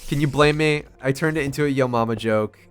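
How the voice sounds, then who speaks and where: A man's voice: medium pitch, quick pace, clean tone, soft background music. A young man giving casual, rambling commentary while playing a video game, swearing a lot and making fun of himself. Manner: rambling, self-deprecating, swears often. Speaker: gaming vlogger.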